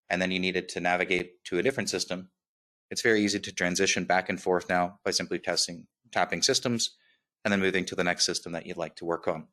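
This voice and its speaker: Fast-talking low-voiced man with slight lisp. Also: pushed and bright. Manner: upbeat, quick, with filler "right?" checks. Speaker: software demo presenter. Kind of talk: webinar product walkthrough.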